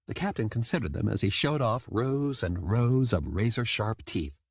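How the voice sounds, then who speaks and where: A man reading an audiobook in scripted narration, lively and quick to slip into character voices. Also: fairly low pitch, creaky, breathy edge, no room sound, clean studio sound.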